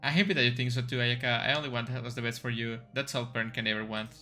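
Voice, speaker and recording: A controlling, wealthy mother speaks in a firm, formal way, as a man reads her lines from a story game. The voice is bright and forceful, with a middle pitch. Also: fairly even intonation, fast, faint music behind, close to an everyday voice.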